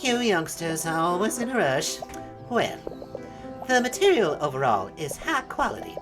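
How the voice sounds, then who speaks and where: Casting: a woman doing a teasing old lady seamstress in a video game, proud and chatty, low voice with lively swings in pitch. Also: moderate pace, over music. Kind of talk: reading game dialogue aloud.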